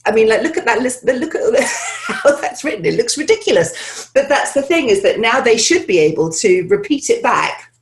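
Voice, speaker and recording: A woman coaching actors on accents talks through listener questions in an interview. Her speech is lively and chatty, jumping up in pitch and breaking into laughs. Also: normal speed, background noise.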